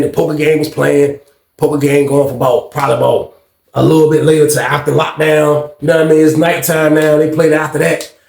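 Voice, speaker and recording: A man telling a prison story in casual talk, acting out other people's lines with shouts and slang. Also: a little high, vocal fry, reverberant. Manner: animated, acts out shouted quotes in a raised voice; heavy profanity and slang.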